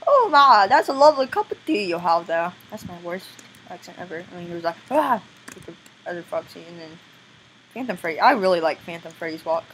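A young woman giving casual gameplay commentary, excitable and squealing now and then, often breaking into silly voices. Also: fairly low pitch, slightly rough, low-quality recording. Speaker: gameplay video maker.

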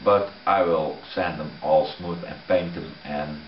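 A man's voice: very deep voice, fairly even intonation, measured pace, roomy sound, muffled recording, slight background noise. A man who builds guitars, narrating his workshop work in a casual, plain-spoken way with dry humor.

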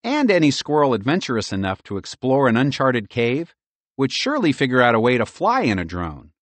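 A man narrating a children's audiobook with lively, expressive storytelling. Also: mid-range voice, fairly quick, no room sound.

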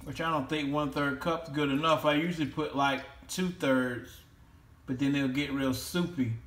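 A man's voice: a little high, fairly even intonation, normal speed, a bit bright. Profane rambling man cooking at home. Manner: profane, rambling, talks to a toy. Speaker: home cook vlogger. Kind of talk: casual cooking vlog.

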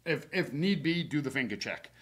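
A man, a horticulturist, hosting a casual garden webinar, talking in a relaxed, chatty way with plenty of fillers and practical tips from his own yard. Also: fairly high pitch, moderate pace. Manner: chatty and relaxed, many fillers, laughs at himself.

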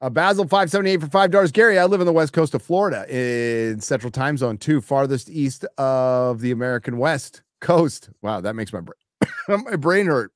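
A man's voice: medium pitch, normal speed, dry recording, studio quality. A man hosting a live stream, chatting casually and reading donations in a crude, joking, rambling way. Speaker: show host reading donations.

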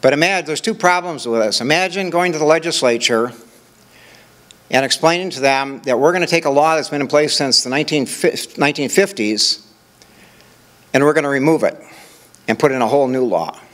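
A man's voice: a little high, normal speed, fairly bright tone. An older man from Minnesota giving a conversational conference presentation, walking through examples with rhetorical questions. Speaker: conference speaker.

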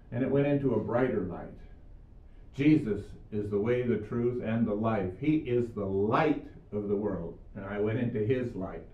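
An older man giving an earnest sermon, telling Bible stories and his own healing story. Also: medium pitch. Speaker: preacher. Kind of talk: video sermon. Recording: echoey room, far mic, phone-like sound.

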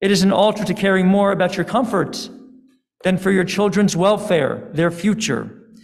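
A man's voice: on the high side, animated, takes it slowly, gravelly, full character voice. A man voicing a stern, accusing God. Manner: accusing, declaiming. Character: angry weary God, male, commanding. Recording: long hall reverb.

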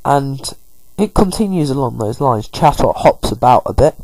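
A man's voice: mid-range voice, animated, normal speed, a little mellow, no echo, low-quality recording. A man giving a chatty, rambling walkthrough of a video game as its commentator.

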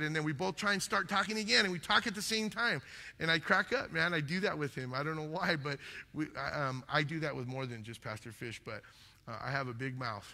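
A man preaching a sermon as pastor, talking loudly and passionately, acting out little stories as he goes. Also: fairly high pitch, big-room sound. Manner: loud, passionate, animated storytelling. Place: church sanctuary.

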